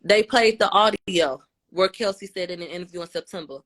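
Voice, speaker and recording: A woman giving a casual spoken recap, retelling what others said with shifts in tone and loudness. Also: on the low side, a little fast. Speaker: commentator.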